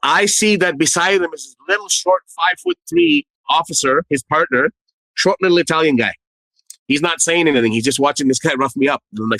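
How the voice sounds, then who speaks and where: A middle-aged man, a former nightclub doorman, casually telling a story with lively quoted dialogue and repeated phrases. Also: a little high, brisk, creaky, dry recording, poor audio.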